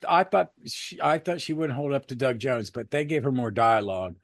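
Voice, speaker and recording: A man co-hosting a podcast, chatting casually about a superhero movie, rambling and swearing freely with animated bursts. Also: medium pitch, normal speed, no room sound, clean studio sound. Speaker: podcast co-host. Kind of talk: casual movie review chat.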